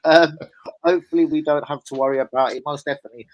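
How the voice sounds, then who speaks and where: A man's voice: on the high side, fairly even intonation, quick pace, dull audio. A man hosting a live football fan stream, chatting casually, reading out viewer comments and swearing freely. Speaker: fan channel host. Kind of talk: live football preview chat.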